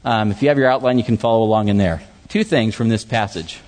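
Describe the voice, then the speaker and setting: A man's voice: on the low side, quick pace, long reverb tail. A man preaching a sermon, asking the audience questions and acting out what people say. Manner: animated preaching with questions to the audience, acts out voices. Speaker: pastor.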